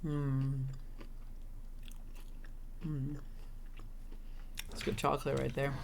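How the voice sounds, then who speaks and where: A woman's voice: a bass voice, level tone, very slow, creaky, a little hiss or hum. A young woman streaming a visual novel, reading lines and reacting with sarcastic, exasperated, sweary commentary. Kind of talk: casual let's-play commentary.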